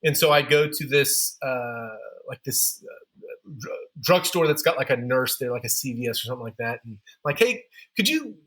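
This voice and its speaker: A man's voice: medium pitch, normal speed, fairly bright tone. A man guest on a podcast interview, telling candid, self-deprecating stories about building his running store business.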